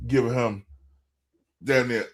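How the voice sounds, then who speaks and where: Argumentative podcast dude cutting people off, husky voice, mid pitch. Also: male voice, fairly even intonation, takes it slowly. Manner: argumentative, interrupts to push back. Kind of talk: casual podcast chat.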